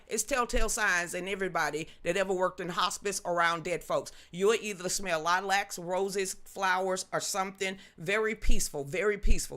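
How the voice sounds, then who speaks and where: A woman hosting an unscripted political live stream, talking in a sassy, animated and mocking way, greeting chat viewers by name. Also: lowish voice.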